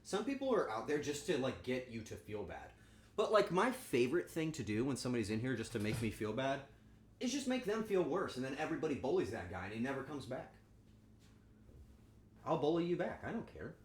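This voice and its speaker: This streamer, a man with a medium-pitched voice, talks briskly as he cooks live in his home kitchen. The recording is roomy with faint hiss or hum, and he banters with chat in a crude, joking, animated way.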